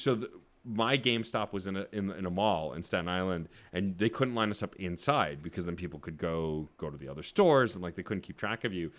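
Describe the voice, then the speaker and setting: A man in his thirties, co-hosting a casual podcast chat and telling stories in an animated way with lots of filler words. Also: low voice. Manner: animated storyteller, many filler "like"s. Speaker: podcast co-host.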